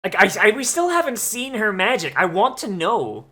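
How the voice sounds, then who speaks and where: A man's voice: high voice, big pitch swings, moderate pace, pushed and bright. A man hosting an anime watch-along, reacting with profane, incredulous outbursts and running commentary.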